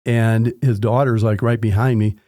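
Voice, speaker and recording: A man's voice: on the low side, moderate pace, no echo, clean studio sound. A man, a home inspector, telling anecdotes from his work in a conversational way and acting out the dialogue. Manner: animated anecdotes with acted-out dialogue. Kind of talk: conversational storytelling.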